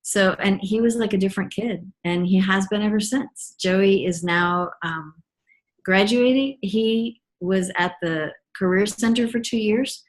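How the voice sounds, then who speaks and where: A middle-aged woman gives a personal testimony as a mother, speaking in an unhurried, medium-pitched voice. She's chatty, earnest, and enthusiastic, with frequent ums and restarts.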